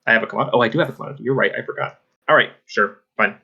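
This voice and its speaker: An easygoing man bargains agreeably over a board game deal. His fairly low voice is gravelly and husky with a bright, forceful edge. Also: rapid-fire, dull audio. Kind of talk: casual game-table chat.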